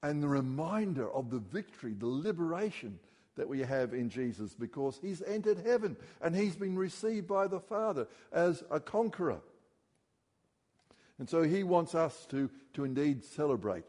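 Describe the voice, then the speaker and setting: A middle-aged man preaching a sermon, rising loudly when he reads scripture. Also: a little high, sing-song, normal speed, in a large hall. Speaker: pastor.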